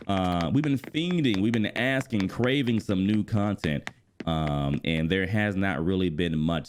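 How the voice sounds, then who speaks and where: A man in his thirties casually chatting about a video game while he plays, animated and quick to exclaim. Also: deep voice, slight background noise. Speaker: gaming YouTuber and streamer. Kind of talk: casual gaming vlog commentary while playing. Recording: music bed playing clearly behind the voice.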